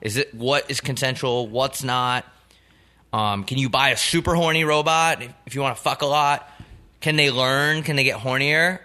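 A man's voice: medium pitch, moderate pace, bright, forceful tone. A young man co-hosting a podcast, riffing in a crude, rambling, joking way with plenty of swearing. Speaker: podcast co-host. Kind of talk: casual comedic podcast chat.

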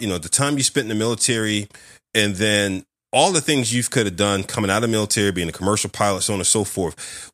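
A man hosting a podcast interview, telling a story in a lively, animated way and acting out the voices in it. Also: medium pitch, no echo. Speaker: podcast host. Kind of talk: casual interview chat.

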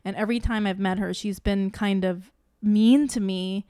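A woman's voice: mid-range voice, fairly even intonation, normal speed, dark tone, dry recording. Woman, casual podcast co-host, rambling and profane, dry close mic. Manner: rambling, full of "like" and restarts, swears freely; acts out her own inner questions. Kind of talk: casual chat.

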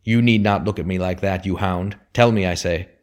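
Man voicing an old father, bitter, sneering, contemptuous, low deep voice, storybook. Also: normal speed, a little mellow, lightly acted. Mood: angry.

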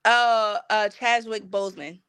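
A woman competing in a casual podcast quiz, playful and quick to argue for her answers. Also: mid-range voice, a bit bright, clear, resonant tone, no echo. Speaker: quiz contestant.

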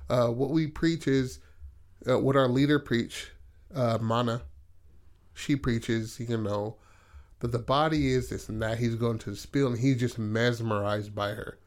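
Profane laid-back man pitching a story. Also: fairly even intonation, unhurried. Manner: loose, profane, acts out characters' lines. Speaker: podcast host. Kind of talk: casual storytelling, pitching a film idea.

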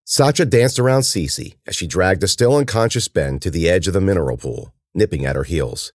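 Deep-voiced man reading a dramatic story. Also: animated, a little fast, dry recording, clean studio sound. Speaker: narrator. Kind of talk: audiobook reading of a horror story.

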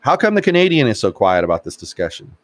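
A man's voice: mid-range voice, sing-song, fast talker. Give me a blunt, conversational male podcast host. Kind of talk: casual podcast discussion.

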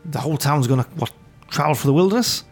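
A man running a tabletop game as game master, voicing a merchant in a relaxed, chatty way. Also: fairly high pitch, fast talker, soft background music.

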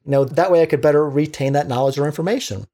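A man who works as a teacher, talking casually on a podcast in an animated, motivational way, acting out little quotes. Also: a little high, racing. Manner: animated, preachy motivational talk with acted-out quotes.

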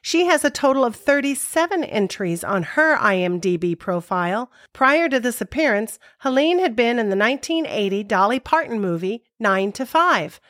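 Brief: measured woman co-host narrating scenes, slightly high voice, dry close sound. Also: big pitch swings, fairly bright tone, no echo. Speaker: podcast co-host.

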